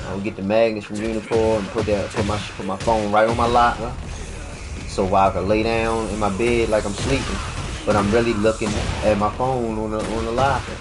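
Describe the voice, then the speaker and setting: Laid-back low-voiced man streaming games. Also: little pitch movement, a little fast. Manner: laid-back, rambling, profane, slips into goofy freestyle rhymes. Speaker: game streamer. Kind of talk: casual gaming stream chat. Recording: game music playing loudly underneath. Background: game music.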